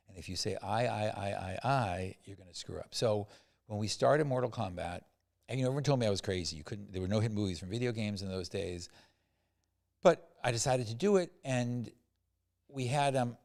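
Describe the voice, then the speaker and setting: An older man, a film producer, telling animated anecdotes as a podcast guest and acting out the quotes. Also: lowish voice, gravelly. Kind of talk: storytelling in a podcast interview.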